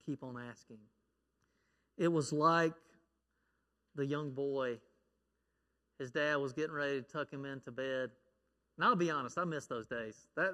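Bright-voiced male preacher in a hall. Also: medium pitch. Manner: storytelling, acts out a child's shouting prayer. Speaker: pastor. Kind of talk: sermon.

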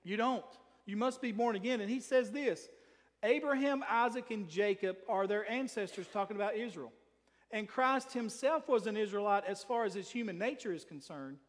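A man's voice: high voice, moderate pace. A man preaching an emphatic sermon in a church, reading scripture aloud as pastor. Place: church sanctuary. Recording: long reverb from a large hall.

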